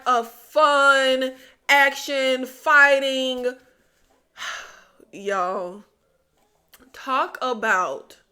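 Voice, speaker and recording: A woman's voice: high-pitched, bright, forceful tone, clear, resonant tone. A woman reviewing films in casual chat, blunt and exasperated, talking straight to her viewers. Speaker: movie reviewer.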